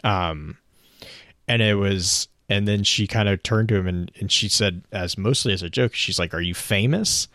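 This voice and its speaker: Guy with a lowish voice, chatty podcast host, rambles and laughs, dry sound. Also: moderate pace, bright, forceful tone, no echo. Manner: rambling, many restarts, laughs while retelling. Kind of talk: casual chat retelling lore.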